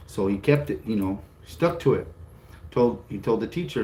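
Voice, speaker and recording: A man's voice: fairly low pitch, animated, brisk, dark tone. A man co-hosting a casual chat, telling a story animatedly, acting out the voices of others and swearing freely. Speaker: co-host. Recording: roomy with faint background noise.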